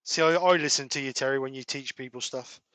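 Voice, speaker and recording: A man's voice: medium pitch, brisk, clear, resonant tone, no room sound. A man hosting a live woodturning stream from his workshop, chatting casually and talking through his work as he goes. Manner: relaxed, practical, mutters while working. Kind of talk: casual live-stream chat while demonstrating. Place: home workshop.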